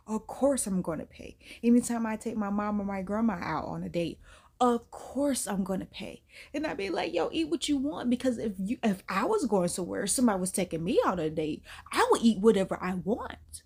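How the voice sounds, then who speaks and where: A woman's voice: mid-range voice, sing-song, a little fast, darkish tone, breathy edge. A woman, giving sassy, emphatic commentary as she hosts a reaction video. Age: 30s. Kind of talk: casual animated commentary.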